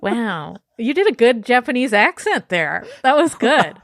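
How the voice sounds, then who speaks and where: A woman's voice: on the high side, measured pace, dry recording. A woman co-hosting a podcast, chatting casually and telling a spooky story with acted-out voices and frequent laughter. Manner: animated, laughs often, acts out voices in stories. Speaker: podcast co-host. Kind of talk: casual chat, dramatic storytelling.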